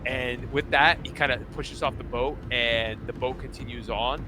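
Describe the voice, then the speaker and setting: A man's voice: medium pitch, fairly even intonation, normal speed, music in the background. A man narrating as dungeon master, rambling and correcting himself as he goes. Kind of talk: narrating a tabletop game.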